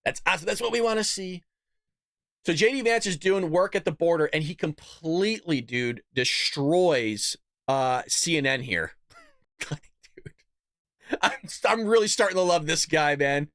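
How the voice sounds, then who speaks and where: A man's voice: on the high side, measured pace, a bit bright, dry recording, studio quality. A man hosting his own political commentary show, talking bluntly and animatedly, with laughing asides. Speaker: host.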